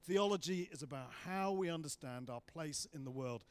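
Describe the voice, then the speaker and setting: A man preaching to a church congregation in a relaxed, joking way, full of quick asides. His voice sits a little high, and the sound is close and dry with no room echo. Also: clean tone. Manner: jokey and chatty, self-deprecating asides. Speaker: guest preacher. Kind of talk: church sermon. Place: church hall.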